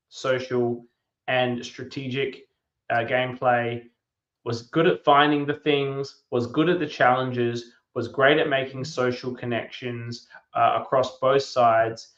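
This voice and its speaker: A man hosting a casual podcast chat, enthusiastic and quick to restart his sentences. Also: medium pitch, steady tone, fairly bright tone, dull audio. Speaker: podcast host.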